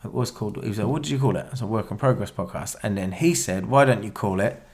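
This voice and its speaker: A man's voice: fairly low pitch, fast, a little mellow. A man hosting a casual podcast chat, rambling and swearing freely. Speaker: podcast host.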